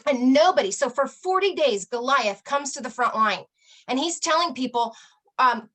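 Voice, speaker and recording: A woman's voice: high-pitched, expressive, normal speed, a bit bright. A middle-aged woman, a health coach, giving a motivational talk and telling a story earnestly, with emphatic repetition.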